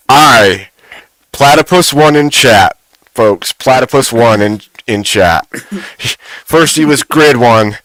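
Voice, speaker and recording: A man's voice: mid-range voice, slow pace, a bit bright, no room sound. A man hosting a live stream, chatting casually and joking with much laughter.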